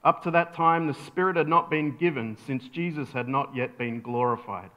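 A man's voice: mid-range voice, normal speed, bright, forceful tone. A male pastor preaching a sermon, telling a bedtime story and acting out the voices in it. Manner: storytelling, acts out voices in anecdotes.

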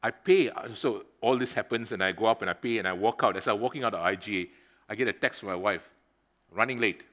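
A man's voice: lowish voice, fast. Conversational middle-aged male preacher. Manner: conversational, addresses the congregation directly; animated storytelling with swings in loudness. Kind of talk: sermon with personal anecdote.

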